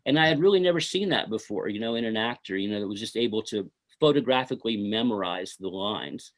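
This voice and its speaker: Quick-paced and fairly low, this middle-aged man's voice has lively intonation as he shares shoot anecdotes in an interview. He's a filmmaker, and his relaxed storytelling rambles with plenty of "you know" and "uh" fillers.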